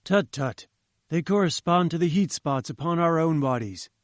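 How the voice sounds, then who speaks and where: Haughty professor voiced by a man, lecturing, patronizing, slightly high voice. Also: expressive, moderate pace, no echo, clean studio sound, natural voice. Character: pompous condescending male professor. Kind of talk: audiobook character voice.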